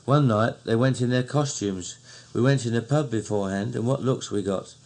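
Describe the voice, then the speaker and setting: A man with a Cockney accent, slowly and fondly recounting old memories in a recorded diary. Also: mid-range voice, darkish tone. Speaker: narrator.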